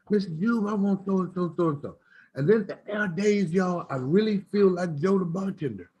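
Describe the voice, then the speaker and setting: A man's voice: mid-range voice, darkish tone, slight background noise. A middle-aged man, a smokehouse owner telling folksy stories in a preacherly way. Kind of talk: storytelling chat.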